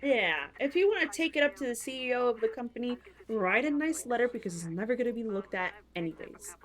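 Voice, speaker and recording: A woman's voice: on the high side, lively intonation, brisk. A woman co-hosting a casual podcast chat, telling stories bluntly with plenty of swearing. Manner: blunt, profane, rambling storyteller. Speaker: podcast co-host.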